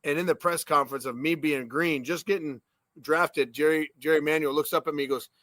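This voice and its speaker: A former ballplayer talks baseball in a bright, forceful voice, a bit higher than most men, and tells animated stories. The sound is close and dry, with no room around it. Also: male voice, fairly quick, no echo. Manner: animated storytelling with swearing and laughs. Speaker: podcast co-host, former ballplayer. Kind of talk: casual sports chat.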